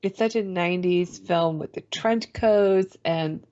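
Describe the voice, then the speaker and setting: A woman's voice: fairly low pitch, a little slow, mellow. A woman co-hosting a casual film discussion, enthusiastic and teasing. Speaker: co-host. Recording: dull lo-fi sound.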